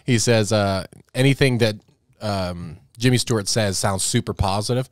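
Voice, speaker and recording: A man chatting on a comedy podcast, animated and quick to laugh and do bits. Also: on the low side, no room sound, studio quality. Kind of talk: casual comedy podcast chat.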